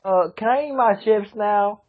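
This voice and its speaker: A man's voice: sits high, normal speed, narrow, tinny audio, close to an everyday voice. A man voicing a dim-witted, hungry redneck man with a put-on Southern drawl, whining and pleading. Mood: whiny. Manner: lively, whiny pleading.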